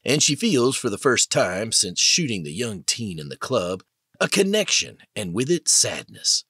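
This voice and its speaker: A man narrating an audiobook in a dramatic, expressive way. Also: on the low side, unhurried, breathy edge, no echo, studio quality. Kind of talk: scripted narration.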